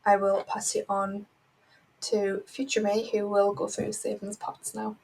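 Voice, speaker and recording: A woman's voice: mid-range voice, completely flat delivery, a little slow, vocal fry, a little mellow. A woman from northeast England, casually walking through her monthly budget and working out the sums aloud as she goes. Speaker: budgeting vlogger. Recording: roomy, distant from the mic.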